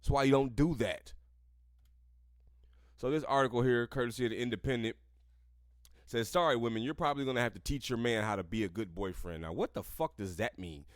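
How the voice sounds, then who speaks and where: A man's voice: medium pitch, fairly quick, long pauses, dry recording, clean studio sound. A man hosting a podcast, ranting crudely and combatively while reading and reacting to an article. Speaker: podcast host. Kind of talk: profane commentary on articles.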